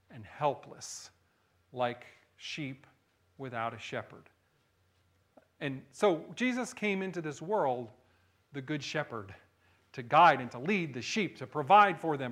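A man preaching a sermon, animated, swinging from hushed low lines to loud high bursts and often asking the listeners "right?". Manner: asks the audience questions, frequent "right?". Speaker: pastor.

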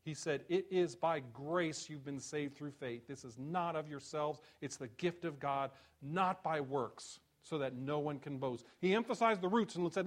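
A male pastor delivering a sermon, building to loud, rising rhetorical questions and dropping low and soft on key phrases. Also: measured pace, few pauses.

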